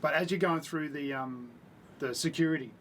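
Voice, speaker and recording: A man's voice: on the high side, fairly bright tone, recorded from a distance, slight background noise. An older man with an Australian accent, chatting casually as co-host with wry, joking remarks. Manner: wry, joking, quick to laugh. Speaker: podcast co-host. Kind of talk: casual chat.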